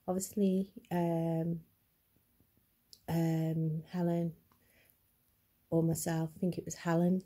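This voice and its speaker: A woman's voice: on the low side, flat delivery, takes it slowly, long pauses, mellow, slightly rough. A middle-aged woman talking earnestly to camera in a personal vlog, upset and stammering a little as she speaks. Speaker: vlogger.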